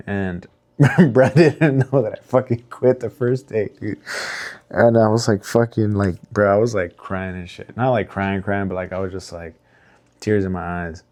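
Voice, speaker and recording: Deep-voiced young man, rambling and cussing. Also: a little slow, darkish tone. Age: young adult. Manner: rambling, heavy swearing, lots of fillers and restarts; emotional, candid. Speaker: vlogger. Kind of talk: casual storytelling to camera.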